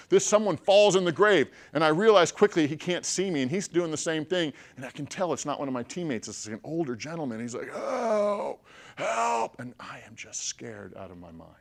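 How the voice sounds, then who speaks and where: A man speaks to a group in an ordinary, mid-pitched voice that neither booms nor squeaks. He is telling a personal story, lively and animated, jumping from loud bursts to hushed, low moments. Along the way he keeps checking in with his listeners. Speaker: motivational speaker.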